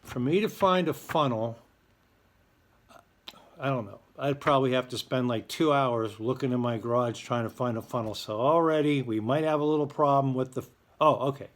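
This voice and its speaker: Hosting a school's morning announcements, a man with an ordinary middle-pitched voice speaks at a moderate pace. He chats cheerfully and casually with the children, joking along the way and making fun of himself.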